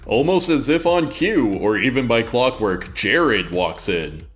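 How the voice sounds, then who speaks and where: A young man narrating a story on a comedy podcast with a lively, rising and falling delivery. He reads in a playful, theatrical way, and there is faint music underneath. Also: medium pitch, unhurried. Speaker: podcast host reading a story aloud. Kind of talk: comedic dramatic reading.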